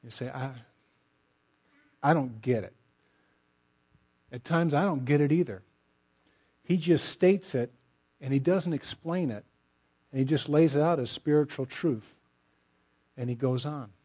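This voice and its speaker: A middle-aged man preaching a sermon, emphatic and direct, often letting his phrases trail off softly. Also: fairly high pitch, moderate pace, pauses often, breathy edge. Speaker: pastor.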